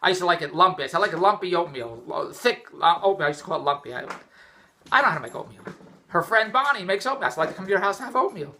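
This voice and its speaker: Middle-aged male vlogger, rambling exasperated storyteller, fast delivery, bright edge. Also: high-pitched, lively intonation. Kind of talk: rambling personal vlog rant. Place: indoors, just came in from the rain.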